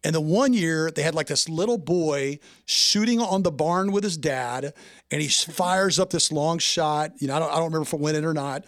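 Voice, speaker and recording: Higher-voiced man hosting a podcast. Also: brisk, fairly bright tone, no echo, studio quality. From Indiana. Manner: enthusiastic, rambling questions. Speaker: podcast host. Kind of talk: conversational interview.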